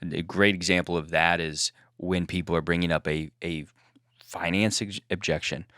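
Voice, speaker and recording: A man's voice: sits low, steady tone, normal speed, a bit bright, no room sound, studio quality. A man co-hosting a sales podcast in casual chat, wry, adding jokes and examples.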